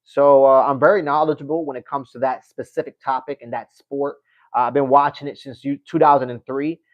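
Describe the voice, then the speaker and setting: A man's voice: mid-range voice, steady tone, brisk, dry recording, highs cut off. A man hosting a casual MMA livestream, chatting to viewers, reading comments aloud and often breaking into laughter. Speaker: MMA channel host.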